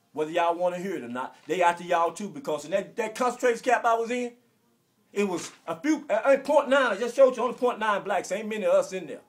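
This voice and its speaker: A man in his forties from Arkansas with a Southern American accent, delivering an emotional, preachy rant that repeats phrases and bursts into shouts. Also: high-pitched. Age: 40s. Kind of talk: impassioned direct-to-camera rant.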